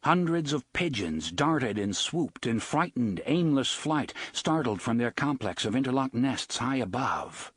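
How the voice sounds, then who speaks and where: A man giving an expressive, dramatic audiobook narration on a close studio mic. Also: mid-range voice, measured pace, hardly any pauses, husky, no echo.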